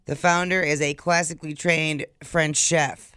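A man's voice: fairly high pitch, flat delivery, unhurried, pushed and bright, smooth, no echo, clean studio sound. A man co-hosting a morning show podcast, reading out odd news stories with sardonic asides. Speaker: co-host. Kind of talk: casual morning show banter.

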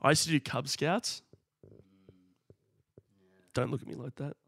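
A young Australian man co-hosting a comedy podcast, telling stories in an animated way and laughing often. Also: mid-range voice, unhurried, gravelly, slightly rough. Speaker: podcast co-host. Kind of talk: casual comedic chat.

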